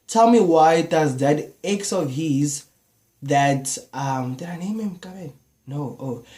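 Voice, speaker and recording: Young South African guy, storytime vlogger, casual and animated, tosses in slang fillers. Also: a little high. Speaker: YouTuber. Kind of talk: storytime vlog.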